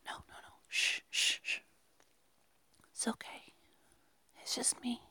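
A young adult woman in a whispered role-play, speaking in a hushed, coaxing, intimate breathy whisper. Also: slow pace, no echo. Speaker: audio role-play performer.

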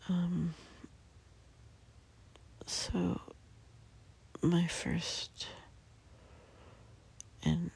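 Hushed morning whisper, gravelly, very breathy, slow drawl, lying in bed. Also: mid-range voice, monotone, poor audio. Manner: soft hushed whisper with hesitant fillers. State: sleepy, just woken. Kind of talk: whispered casual monologue. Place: in bed, indoors.

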